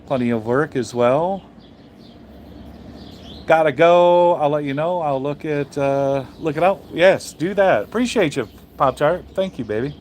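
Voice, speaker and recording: A man's voice: on the high side, unhurried, a little mellow, a little hiss or hum. A man who drives trucks, chatting casually on a live stream and answering viewers, blunt and profane, rambling with many restarts.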